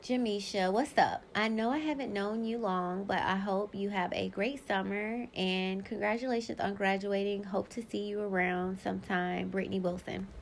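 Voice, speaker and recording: This thirty-something podcast host has a creaky, medium-pitched voice with a steady tone and talks at normal speed, barely pausing, against slight background noise. Candid, profane and emphatic, she addresses listeners directly in a casual monologue and occasionally reads from old yearbook notes.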